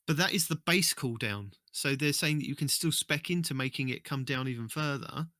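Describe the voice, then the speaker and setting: Easygoing podcast guy, bright voice, dry close mic, bit halting. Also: medium pitch, no echo. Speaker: podcast co-host. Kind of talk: casual gaming podcast chat.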